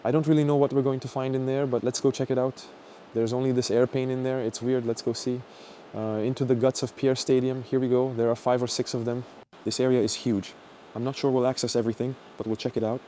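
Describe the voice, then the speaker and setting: A man narrating an exploration vlog as he guides viewers around, talking in an excitable, exclamatory way. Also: medium pitch, quick pace, hardly any pauses, a little hiss or hum. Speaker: urban explorer vlogger.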